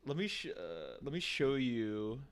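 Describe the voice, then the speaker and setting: A man's voice: mid-range voice, big pitch swings, unhurried, clear, resonant tone. A man streaming a casual chat with an AI chatbot, swearing and laughing, and turning aside to talk to his viewers.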